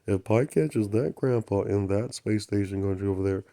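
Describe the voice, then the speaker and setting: On his own channel, a man with a lowish voice talks at a normal speed. He spins a rambling spiritual story in broken grammar, chanting repeated affirmations and occasionally dropping to soft murmurs without voice.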